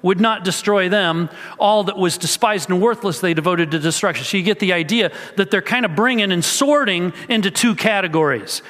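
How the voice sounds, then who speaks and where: A man's voice: high-pitched, moderate pace, hardly any pauses, a bit bright. A man preaching a sermon as pastor, explaining scripture and acting out a character's thoughts with rising emphasis. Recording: reverberant hall.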